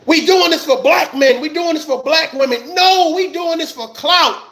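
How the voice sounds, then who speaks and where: A man's voice: very high voice, normal speed, fairly bright tone. A man, an army veteran, giving heated livestream commentary, ranting with passion and repeating his phrases.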